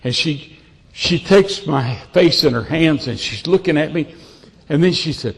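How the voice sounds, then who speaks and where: A man's voice: on the high side, measured pace, vocal fry. An older man preaching from a church pulpit, telling folksy, self-deprecating stories with frequent restarts. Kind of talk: storytelling sermon.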